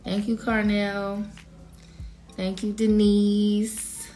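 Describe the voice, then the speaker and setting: A woman's voice: medium pitch, flat delivery, drawn-out words, warm tone, soft background music. A woman in her thirties on a casual, emotional livestream, choked up and holding back tears as she thanks viewers by name. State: teary, choked up. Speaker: singer addressing livestream viewers.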